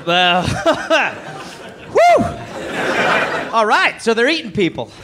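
A man co-hosting a live comedy podcast, riffing with drawn-out jokes. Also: high-pitched, sing-song. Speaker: co-host. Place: live stage before an audience. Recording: live show, loud crowd and noise.

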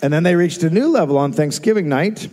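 Dry comedian telling history on stage. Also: male voice, on the high side, lively intonation, a little fast, dark tone. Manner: dry storyteller, reads quotes and dates. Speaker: comedian podcast host. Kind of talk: live comedy podcast, reading history. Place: large theater, live audience. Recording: reverberant live theater.

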